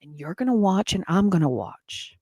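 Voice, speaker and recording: A woman hosting a podcast, chatting casually in a gossipy, animated way. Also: on the low side, moderate pace, gravelly, slightly rough, no room sound. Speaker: podcast host. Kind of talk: casual chat.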